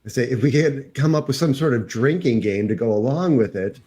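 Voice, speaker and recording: A man co-hosts a relaxed podcast conversation in a middle-pitched voice. He pauses often, restarts his sentences and fills the gaps with ums. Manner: hesitant, many ums and restarts. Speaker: podcast co-host. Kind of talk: casual chat.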